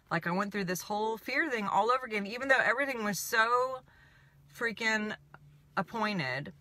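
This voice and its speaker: A woman's voice: on the high side, moderate pace, no echo. A woman telling a personal story in a casual, rambling monologue, full of "I'm like" asides. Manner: rambling, animated retelling with many "I'm like" asides. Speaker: spiritual coach.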